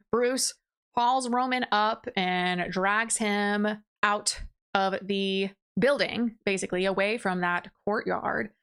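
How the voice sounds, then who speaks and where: A woman book reviewer casually recapping a plot in a chatty way, with quick asides, brief laughs and short bits where she mimics the characters. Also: medium pitch, a bit bright, clear, resonant tone.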